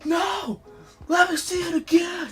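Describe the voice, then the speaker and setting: A man's voice: very high-pitched, fairly even intonation, takes it slowly, sharp tone, faint music behind, pitched above the performer's own voice, heavily acted. A man voicing an angry woman teacher who shrieks and scolds her class. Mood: shrill scolding.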